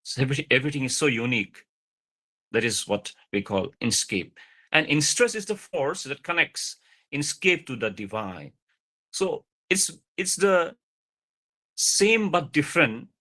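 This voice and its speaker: A man's voice: mid-range voice, big pitch swings, a little slow, sharp tone. A man giving a university lecture over a video call, explaining patiently, repeating phrases for emphasis, with frequent uh fillers. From India. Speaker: guest lecturer.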